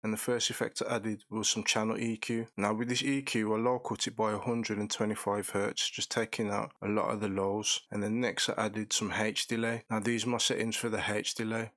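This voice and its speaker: Low, gravelly man explaining calmly. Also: no echo. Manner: calm, methodical, explains each step plainly. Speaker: beat-making tutorial host. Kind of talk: step-by-step production walkthrough.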